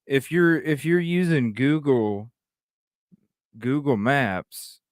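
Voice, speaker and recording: A man's voice: mid-range voice, lively intonation, no room sound, studio quality. A man calling into a livestream, talking casually and hesitantly with fillers. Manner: slow, hesitant, talks with fillers. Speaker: caller. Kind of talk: casual call-in chat.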